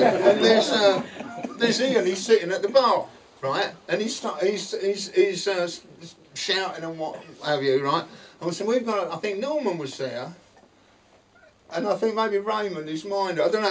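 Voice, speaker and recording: An older man tells a rock-and-roll anecdote at a book signing, animated and laughing, with halting restarts. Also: high voice. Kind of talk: anecdotal storytelling to an audience. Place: bookshop, indoors. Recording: distant mic with faint room noise.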